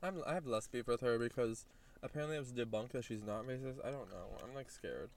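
A man chatting casually with a friend in a parked car, animated and quick to laugh, swearing now and then. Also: medium pitch, slight background noise. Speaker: podcast co-host.

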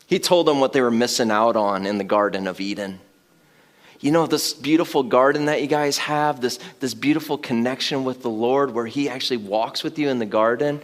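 A man delivers a sermon with the relaxed tone of a chat. His voice sits at a medium pitch. At points it rises into loud, excited emphasis broken up by laughter. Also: normal speed. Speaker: pastor.

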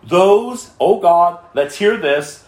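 Pastor, male, high voice, passionate sermon delivery in a roomy hall. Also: expressive, takes it slowly. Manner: impassioned, swinging between cries and quiet pleading.

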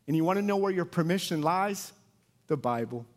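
A man in his thirties preaching a sermon, telling stories with big loud bursts that drop to soft, low emphasis. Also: lively intonation, brisk. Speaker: pastor.

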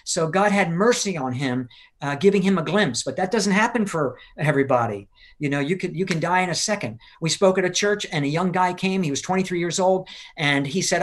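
An older man earnestly telling a personal testimony in an interview, urgent and acting out the people he quotes. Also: fairly high pitch. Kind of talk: earnest storytelling in a live-streamed interview.

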